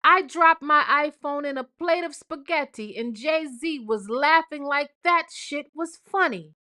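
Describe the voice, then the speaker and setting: Woman doing a brassy old Sicilian granny, put-on Sicilian-style accent, theatrical, loud, high-pitched. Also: lively intonation, unhurried, full character voice. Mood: boastful. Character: brassy old Sicilian grandmother telling tales.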